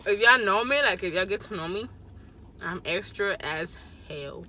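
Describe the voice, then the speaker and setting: A young woman hosting a mukbang vlog, talking loudly and casually, laughing often and slipping into Spanish. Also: mid-range voice, moderate pace, slight background noise, low-quality recording. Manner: loud, animated, laughs a lot, mixes in Spanish. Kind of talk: casual chat.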